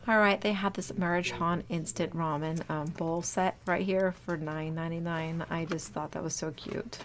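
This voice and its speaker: This young woman's voice is fairly low, with fairly even intonation at a normal speed. She's filming a casual shop-with-me vlog on a handheld phone inside a store, chatty and full of ums as she gushes over cute items.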